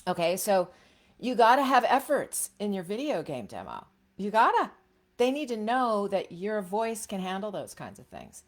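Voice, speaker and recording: A woman's voice: mid-range voice, very animated, normal speed. A middle-aged woman coaching voice actors in a casual, frank teaching talk, chatty with many fillers and restarts.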